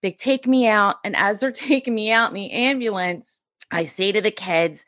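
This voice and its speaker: A woman in her forties, a podcast guest, telling a personal story in a lively, animated way and acting out the voices of the people in it. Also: medium pitch, normal speed, dry recording, clean studio sound. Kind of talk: storytelling in an interview.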